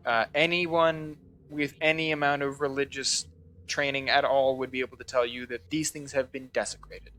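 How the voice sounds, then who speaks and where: Game master type: man, mid-pitched, descriptive narration, pauses to find words. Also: flat delivery, bright, forceful tone.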